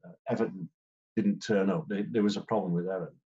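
A man's voice: low-pitched, fairly even intonation, fast, mellow. An older English man, a former football referee, chatting through anecdotes and acting out what players said. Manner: chatty storyteller, acts out quoted players. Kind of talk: interview anecdotes. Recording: dull lo-fi recording.

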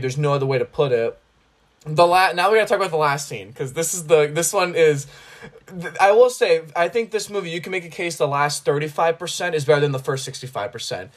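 A man with a slightly raised pitch hosts a casual podcast chat about a film. He talks with enthusiasm and rambles, often breaking off and restarting his sentences. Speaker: podcast host.

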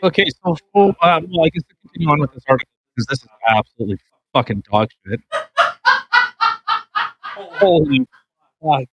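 A man's voice: a little high, animated, brisk, long pauses, breathy edge, dry recording, lo-fi sound. Swearing man co-hosting a podcast, dry sound. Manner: swears freely, laughs while reading a news article. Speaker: podcast co-host. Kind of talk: casual podcast chat.

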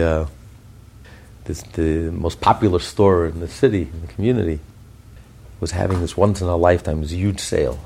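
A man teaches a Torah class for a podcast, his voice low and gravelly with a husky edge. He tells stories in an animated way, often restarting his phrases and chuckling between points.

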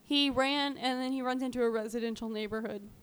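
Woman, casual storyteller, podcast co-host, fairly high smooth voice. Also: steady tone, fairly quick. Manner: chatty, lots of "um" and "like", acts out quotes. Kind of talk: casual true-crime storytelling.

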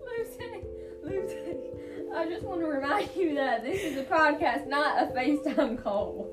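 Young woman, really high voice, kinda dry n scolding, clear music going behind. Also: expressive, unhurried. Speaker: podcast co-host. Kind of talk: casual chat.

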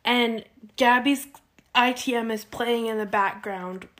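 A woman's voice: on the high side, measured pace. A woman co-hosting a podcast, casually recapping a TV show and acting out the quotes. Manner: animated storytelling, acts out quotes. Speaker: podcast co-host.

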